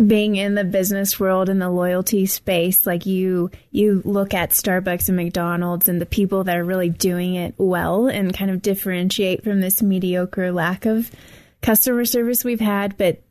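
A woman's voice: mid-range voice, flat delivery, moderate pace, darkish tone, no room sound. A woman co-hosting an interview show, talking in a chatty way with many "like" fillers. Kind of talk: casual chat.

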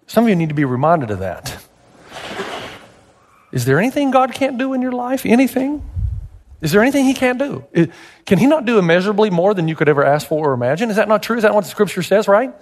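A male pastor preaching a sermon, animated and emphatic, firing rhetorical questions at the congregation. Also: sits high, fairly quick, long reverb tail. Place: church.

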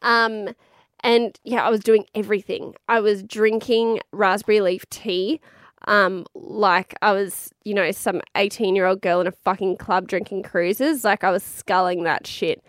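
An Australian woman in her thirties tells a personal story in a loose, candid way. She swears freely, laughs often and keeps things chatty. Her voice sits at an ordinary pitch and sounds close and dry. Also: steady tone, measured pace, no echo.

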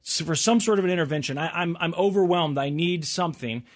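A man's voice: on the high side, fast talker. A man in his thirties co-hosting a casual chat, easygoing and rambling, with frequent restarts. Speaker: co-host.

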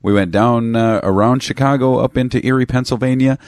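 A man's voice: mid-range voice, fairly even intonation, a little fast, a little mellow, no room sound. A man co-hosting a radio show, chatting easily with his co-host. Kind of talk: casual radio chat. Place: radio studio.

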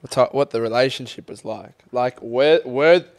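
A young man with a middle-pitched voice, talking in a reflective, hesitant way full of ums as a podcast co-host. The sound is dry and close-miked. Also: moderate pace, no room sound. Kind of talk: casual chat.

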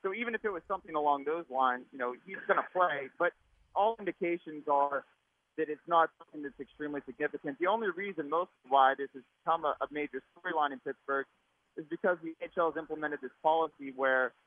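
A man reporting by phone from a practice rink, his voice muffled by a mask, talking rapidly and chattily. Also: fairly high pitch, no echo. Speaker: sports reporter calling in. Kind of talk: casual chat. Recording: tinny phone line.

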